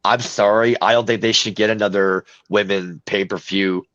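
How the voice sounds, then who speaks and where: A man's voice: on the low side, fairly even intonation, normal speed, fairly bright tone, dry recording. A man hosting a podcast in casual chat, reading news items aloud and giving blunt opinions. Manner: blunt and opinionated, with a few fillers. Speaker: podcast host. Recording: dry, dull lo-fi sound.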